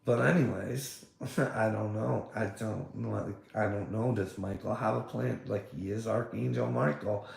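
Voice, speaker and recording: A man's voice: on the low side, a little slow, creaky, darkish tone. A man in a casual, rambling monologue, swearing often and stumbling over his words. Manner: rambling, profane, frequent restarts; laughs between remarks. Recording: echoey room.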